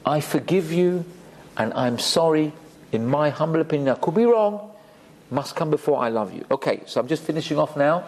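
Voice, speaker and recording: In a community synagogue hall, a man delivers an emphatic Torah class in sermon style, sprinkling in Hebrew terms. He speaks at a normal speed in a slightly high, animated voice with a darkish tone, and there's a little hiss or hum on the recording.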